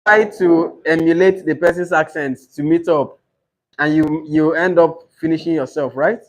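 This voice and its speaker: A man teaching an IELTS speaking class, animated and emphatic, often checking in with "right?". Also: fairly high pitch, normal speed, low-quality recording. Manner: animated, rising to emphatic points, asks "right?". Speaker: IELTS tutor.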